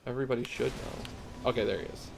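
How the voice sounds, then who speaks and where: A young man talks fast in a mid-range voice with a steady tone while streaming a game live. His chatter is casual and giggly, loaded with swearing, and background noise plus clearly audible game music sit behind him.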